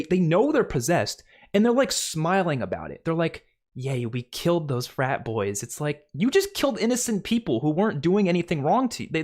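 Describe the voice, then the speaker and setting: A young man with a slightly higher voice hosts a livestream and rants in a loose, casual way. He sounds exasperated, leans on "like" constantly and keeps restarting his sentences. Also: a little mellow. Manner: heavy use of "like", exasperated, restarts often. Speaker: livestream host. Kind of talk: casual ranting commentary.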